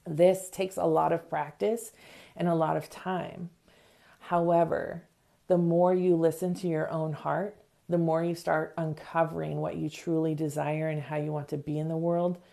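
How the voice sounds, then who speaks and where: A middle-aged podcast host gives a motivational self-help talk in a low-pitched, flat, creaky yet mellow voice. She's earnest throughout and acts out quick examples in voices.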